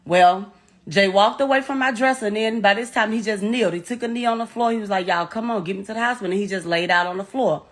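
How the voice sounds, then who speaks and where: A middle-aged woman telling a painful story as a mother, in a blunt, halting way full of profanity. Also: medium pitch. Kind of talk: emotional first-person account.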